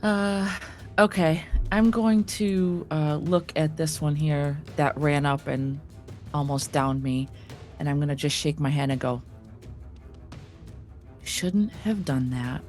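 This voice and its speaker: A woman playing in an online tabletop game, describing her moves slowly and hesitantly. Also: low voice, steady tone, a little mellow, soft background music. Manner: slow and hesitant, many fillers. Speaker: player. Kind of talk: tabletop game play over voice chat.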